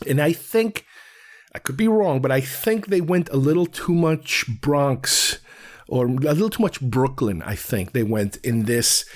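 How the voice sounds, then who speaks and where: A man, raised in Queens, hosting a solo film commentary show and thinking aloud in a rambling, conversational way. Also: fairly high pitch. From Queens, New York. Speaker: film podcast host.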